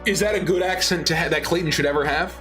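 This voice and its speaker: A man's voice: fairly high pitch, quick pace, pushed and bright, soft background music. Emphatic, explanatory man. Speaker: talk show panelist and game master. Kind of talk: casual talk show chat.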